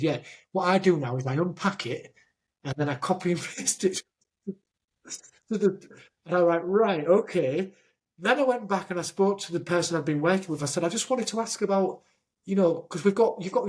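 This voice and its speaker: A man with a Yorkshire accent hosting a podcast, telling animated stories and acting out what people said. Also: a little high. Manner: animated storyteller, acts out quotes. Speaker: podcast host. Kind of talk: casual conversation.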